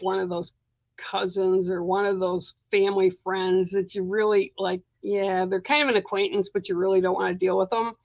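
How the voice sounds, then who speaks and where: A middle-aged woman doing a casual live-stream card reading, talking in a chatty, rambling way full of fillers and restarts. Her voice sits at an ordinary middle pitch. The sound is dry and a little dull, like a lo-fi home stream. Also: fairly bright tone, dry recording. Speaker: spiritual card reader.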